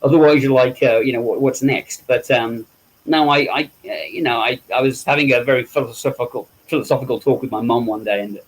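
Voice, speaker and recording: A middle-aged Englishman speaks at a medium pitch as a guest in a relaxed interview. He tells his stories loosely and acts out the people he quotes, often laughing at himself. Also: a little fast, slightly rough, low-quality recording. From England. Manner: storytelling, acts out quoted voices, self-deprecating laughs. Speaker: interview guest, makeup effects artist. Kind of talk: casual anecdotal interview.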